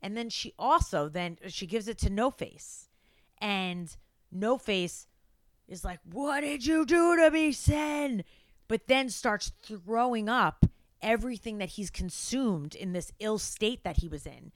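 A woman's voice: measured pace, no echo. A woman co-hosting a podcast, chatting animatedly through a film recap and leaning into the story. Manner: animated, acts out quotes in a high frantic voice. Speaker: podcast co-host. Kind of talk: casual chat recapping a film.

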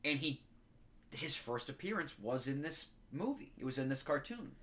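A choked-up man co-hosting a casual chat, rambling through a heartfelt story with a bright voice. His words come in fits and restarts as emotion catches him. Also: mid-range voice, expressive, normal speed. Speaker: podcast co-host.

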